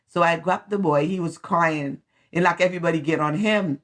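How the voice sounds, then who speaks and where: A woman's voice: on the low side, brisk. A woman from Haiti with a Haitian accent, telling family stories in an interview and laughing often. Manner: animated, lively storyteller who laughs often. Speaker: interviewee, the host's mother.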